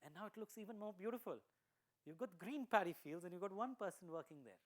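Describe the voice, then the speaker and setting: A man's voice: high voice, lively intonation, fast talker. A man giving a motivational talk to teachers, telling a story in a conversational way. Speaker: guest speaker for teachers. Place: school auditorium.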